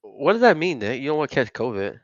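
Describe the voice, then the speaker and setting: A man's voice: mid-range voice, very animated, fast, no echo, dull audio. A man hosting a casual podcast chat, rambling and packing his talk with filler words. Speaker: podcast host.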